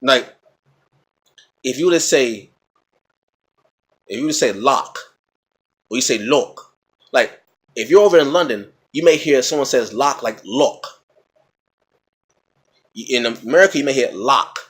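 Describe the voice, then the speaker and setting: A man with a husky, mid-range voice talks through rhymes like a patient teacher. He repeats example words, stops to ask "okay?", and keeps a casual vlog tone. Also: medium pitch, brisk, pauses often. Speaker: vlogger explaining battle rap. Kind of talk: casual explanatory talk.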